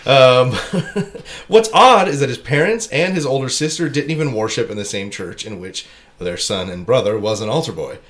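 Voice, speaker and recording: Podcast host, male, mid-pitched voice, loose and jokey, laughs between lines. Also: lively intonation, moderate pace, fairly bright tone. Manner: joking, laughs often, rambling asides. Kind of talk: casual comedic podcast chat.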